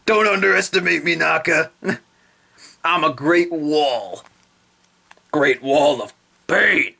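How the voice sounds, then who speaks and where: A man's voice: fairly high pitch, takes it slowly, gravelly, sharp tone, breathy edge, pitched above the performer's own voice, heavily acted. A man voicing a boastful, confident young woman warrior in a near-normal voice. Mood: cocky.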